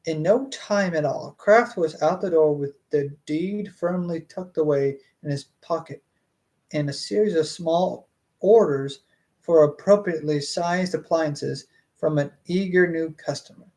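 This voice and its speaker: A man's voice: fairly high pitch, unhurried, darkish tone. A man reading a novel aloud on a live stream, stumbling over words and breaking off for chatty asides and jokes. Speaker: book reader and streamer.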